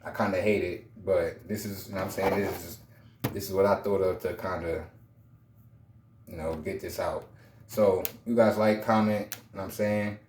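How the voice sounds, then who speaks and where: A man's voice: low-pitched, fairly even intonation, moderate pace, darkish tone, slight background noise. A man in his thirties telling a personal story in a casual, rambling vlog, repeating himself and using street slang. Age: 30s. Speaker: vlogger. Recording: roomy echo.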